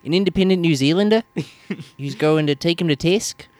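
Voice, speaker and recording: A man's voice: a little high, moderate pace, darkish tone, no echo. Sarcastic man joking on a podcast. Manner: sarcastic, jokey, laughs mid-sentence. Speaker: podcast co-host. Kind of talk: casual comedic chat.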